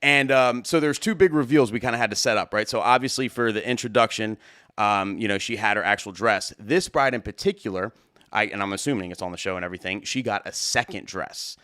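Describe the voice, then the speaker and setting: A man's voice: lowish voice, a little fast, smooth, no room sound, studio quality. Rambling, profane man telling DJ stories. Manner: rambling, profane, filler-heavy, excitable. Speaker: wedding DJ and show host. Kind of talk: casual storytelling.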